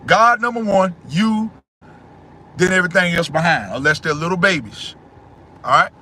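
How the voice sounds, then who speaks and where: A man hosting a casual livestream, answering his chat in a loud, preachy way and repeating phrases. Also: high-pitched, normal speed, a little hiss or hum.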